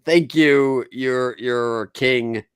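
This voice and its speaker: A man's voice: medium pitch, drawn-out words, clear, resonant tone, no echo, studio quality. A man hosting a casual podcast chat, boisterous, laughing often and swearing freely. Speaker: podcast host.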